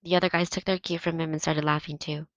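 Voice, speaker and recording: A woman teacher reading a novel aloud in steady first-person narration. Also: low-pitched, fast, no room sound, poor audio.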